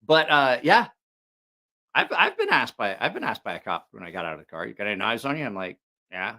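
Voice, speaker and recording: A man hosting a knife channel, telling stories in a casual, profane, animated way. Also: medium pitch, fairly quick. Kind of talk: casual storytelling chat.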